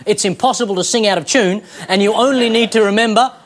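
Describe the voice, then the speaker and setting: Sardonic Australian TV comedy host. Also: male voice, high voice, fast talker. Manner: sardonic, punchy, with mock-grand flourishes. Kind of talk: stand-up style news monologue. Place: television studio with live audience. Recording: loud studio audience laughter and applause.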